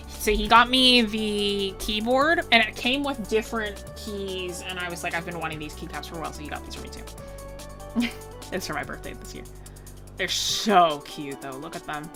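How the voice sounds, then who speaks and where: A young woman streamer chatting casually, bubbly and rambling, full of "like" and quick laughs. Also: fairly low pitch, music in the background. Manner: bubbly, rambling, heavy "like" filler, bursts of laughter.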